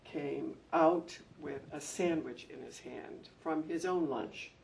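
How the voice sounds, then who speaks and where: A man's voice: a little high, slow, creaky. An older man, a former school administrator, reminiscing with heartfelt stories at a public event. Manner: heartfelt storytelling, animated when telling anecdotes. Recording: distant mic with faint room noise.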